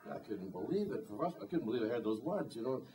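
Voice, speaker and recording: A man's voice: medium pitch, sing-song, fast, a crowd in the background. A man and singer-songwriter introducing a song at a live concert, telling a rambling story with dry humor. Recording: distant live concert recording, faint guitar.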